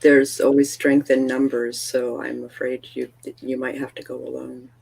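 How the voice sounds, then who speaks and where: A woman narrating as storyteller for a tabletop role-playing game, in a relaxed, chatty way. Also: a bass voice, normal speed, vocal fry, husky, rough recording.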